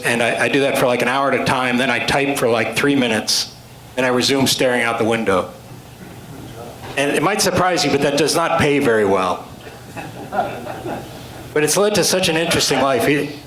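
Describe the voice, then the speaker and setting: A man in his late fifties tells funny stories to a club audience, landing dry, self-deprecating jokes between rambling asides. His middle-pitched voice carries through a roomy hall. A faint murmur of ambience sits underneath. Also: fairly bright tone, slight background noise. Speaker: storyteller and author giving a talk. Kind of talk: humorous storytelling speech. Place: club meeting room with an audience. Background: audience laughter.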